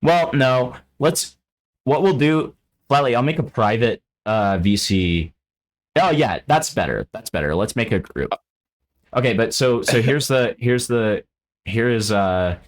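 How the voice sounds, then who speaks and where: A man's voice: on the low side, expressive, unhurried. A drunk man hosting a podcast, rambling and joking crudely in casual chat. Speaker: podcast host.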